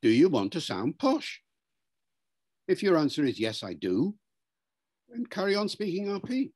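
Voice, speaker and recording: Man explaining with lively, teacherly delivery. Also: high voice, breathy edge. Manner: lively storytelling, acts out quoted speakers; measured, lecturing delivery. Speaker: linguistics professor, guest. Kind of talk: explanatory interview answers.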